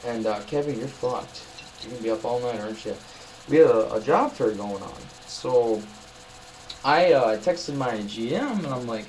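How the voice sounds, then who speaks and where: A man's voice: medium pitch, normal speed, darkish tone, a little hiss or hum, rough recording. A young man vlogging in a casual chat, telling rambling, upbeat stories full of fillers.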